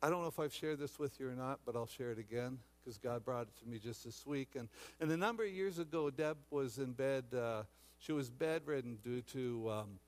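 A man's voice: medium pitch, a little fast. A man preaching a sermon as pastor, repeating words and restarting often, then dramatically acting out frightened voices. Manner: dramatic, acts out shouting disciples.

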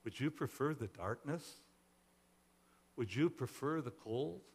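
A man voicing a calm, gentle stranger who brings light, soft and reassuring. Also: mid-range voice, a little slow, husky.

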